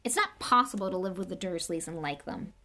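A woman's voice: on the low side, animated, brisk, pushed and bright. Young boy wizard, fierce and hot-tempered, read by a woman. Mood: angry. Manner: fierce, voice shaking with anger. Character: angry young schoolboy wizard.

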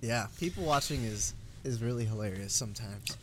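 A man's voice: lowish voice, brisk, fairly bright tone, a little hiss or hum. A man co-hosting a podcast, mostly chiming in with short, encouraging replies. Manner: brief encouraging listener replies. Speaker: podcast co-host. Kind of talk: casual podcast chat.

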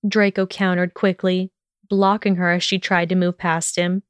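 Woman storyteller, smooth clear voice, measured narration. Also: mid-range voice, steady tone, dry recording. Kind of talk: storybook reading.

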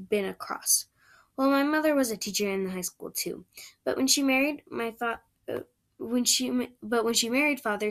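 A woman's voice: fairly high pitch, lightly acted. A woman doing a gushing, dreamy young girl. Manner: breathless, gushing, romantic chatter. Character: chatty, dreamy eleven-year-old red-haired girl.

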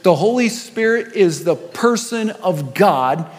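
Speaking slowly with lively intonation, this male senior pastor has a high-pitched voice. He tells stories through a sermon whose intensity swells and recedes, recorded with long hall reverb in a church auditorium.

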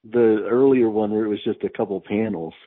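A man's voice: fairly low pitch, steady tone, brisk, no room sound. A man co-hosting a podcast, retelling a comic story in a laid-back, easygoing way. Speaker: podcast co-host. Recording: tinny phone-like line, dry.

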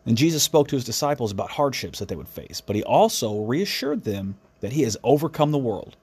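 Husky-voiced man hosting a devotional podcast. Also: mid-range voice, very animated, brisk, a little mellow. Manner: earnest, reflective, frequent restarts. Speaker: podcast host.

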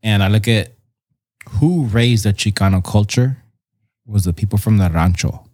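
Earnest Chicano guest, dry sound. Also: male voice, lowish voice, moderate pace, darkish tone, no room sound. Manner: earnest, mixes Spanish words into English. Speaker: podcast guest. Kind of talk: casual podcast chat.

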